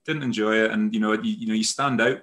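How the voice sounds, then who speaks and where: A middle-aged man, a company head and podcast guest, recounting his school and university years in a thoughtful, halting way full of restarts. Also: fairly low pitch, steady tone, a bit bright. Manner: thoughtful, halting, many restarts and "you know"s. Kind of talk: reflective conversational storytelling.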